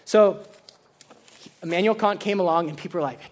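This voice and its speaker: A man's voice: sits high, normal speed. A man giving a casual sermon, explaining ideas to students in a chatty way full of fillers and restarts. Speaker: preacher.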